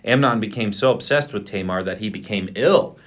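A man co-hosting a podcast, reading scripture aloud in a steady, plain way. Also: on the low side, brisk. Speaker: podcast co-host.

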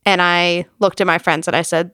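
A woman's voice: fairly low pitch, level tone, moderate pace, fairly bright tone, smooth, no room sound. A woman, chatting on a podcast. She tells her stories animatedly and slips into the voices of the people she quotes. The recording is dry and close. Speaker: podcast co-host. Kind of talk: casual chat.

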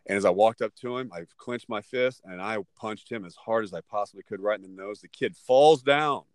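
Middle-aged guy, lowish voice, blunt storyteller, dry mic, cusses a bit. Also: fairly quick, no room sound. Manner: blunt, animated storyteller, swears freely. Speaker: parent telling a story. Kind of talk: casual podcast chat.

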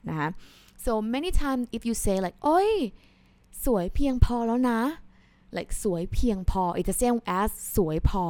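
Fast-talking woman teaching online. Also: medium pitch, a little mellow, smooth, dry recording. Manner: explains patiently, sprinkling in Thai polite particles. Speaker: Thai language teacher. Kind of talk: online language lesson.

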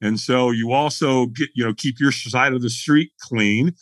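A middle-aged man telling his story as a podcast guest, animated and acting out the dialogue as he goes. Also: mid-range voice, a little slow, no room sound.

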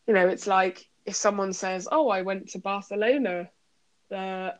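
A woman in easy conversation, working through her thoughts out loud with pauses and restarts. Her pitch sits in an ordinary middle range. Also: fairly even intonation. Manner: thinks aloud with many pauses and restarts. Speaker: podcast co-host; coach. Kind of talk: casual chat.

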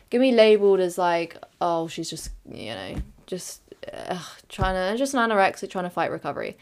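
Young woman with a gravelly, low voice. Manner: candid, rambling, full of fillers and self-corrections. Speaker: podcast host. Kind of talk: reflective solo podcast monologue.

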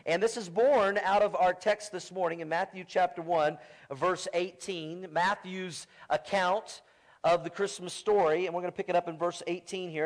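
Pastor telling a story. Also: male voice, sits high, steady tone, moderate pace. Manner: conversational storytelling with playful humor. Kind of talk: sermon. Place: church sanctuary.

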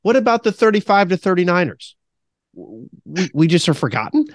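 A man's voice: sits high, big pitch swings, a little fast, no room sound, clean studio sound. A man in his thirties co-hosting a podcast, telling rambling stories in casual chat and laughing often. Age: 30s. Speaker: podcast co-host.

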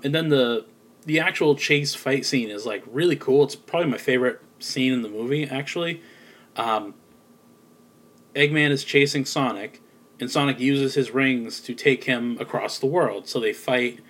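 A man's voice: medium pitch, a bit bright. A man giving a casual spoken film review, rambling with lots of filler words and sounding a little sleepy. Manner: rambling, many ums and likes. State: sleepy, yawning.

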